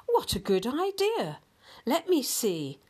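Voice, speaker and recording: A woman voicing a self-assured, sneering female sun in a storybook reading, speaking slowly. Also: high-pitched, huge pitch swings, a little mellow, slightly rough, voice pushed up, full character voice. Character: calm, proud, scornful female sun.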